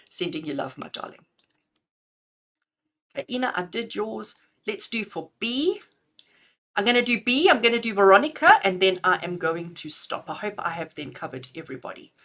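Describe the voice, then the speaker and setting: A woman's voice: fairly low pitch, a bit bright. A middle-aged woman doing spiritual readings for viewers on a live stream, chatty and affectionate, often laughing and calling people "my darling". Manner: laughs often between messages. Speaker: intuitive reader.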